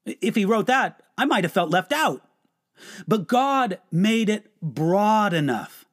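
A man delivers a short devotional sermon in a high, very lively voice. He speaks slowly and earnestly, stressing words and posing rhetorical questions. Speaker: pastor. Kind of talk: devotional teaching.

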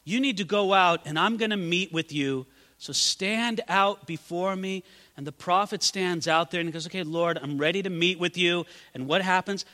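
A male pastor preaching a dramatic sermon, swinging from loud exclamations down to hushed, near-whispered lines. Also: sits high, normal speed, in a large hall. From California.

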